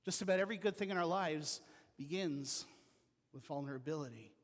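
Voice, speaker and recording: A man preaching a sermon as pastor, telling personal stories in an earnest way that drops to a quiet voice. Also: a little high, brisk, in a large hall. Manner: earnest storytelling with quiet dips. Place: church sanctuary.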